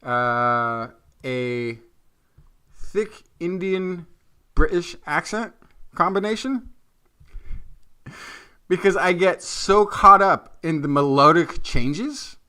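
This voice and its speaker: Male co-host, high and bright tone, loose conversational delivery full of restarts. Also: expressive, slow pace, pauses often, clear, resonant tone. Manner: rambling, restarts and hunts for words. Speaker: podcast co-host. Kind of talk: casual science chat.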